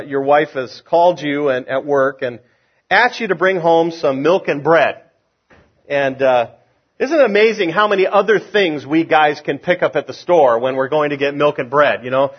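A middle-aged man preaching a sermon in a folksy, conversational way, opening with a joke and chuckling at his own lines. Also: a little high. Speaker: pastor. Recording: lo-fi, dull sound.

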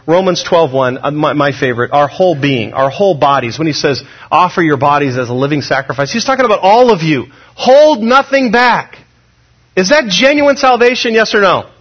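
A male pastor preaching a sermon in a conversational, animated way, with sudden loud rises. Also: sits high, lo-fi sound.

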